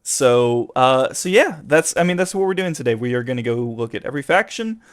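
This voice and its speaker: A man hosting a podcast, chatting easily with a co-host. His voice sits in a middle pitch, and he talks loosely with plenty of fillers. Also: expressive, brisk. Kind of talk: casual chat.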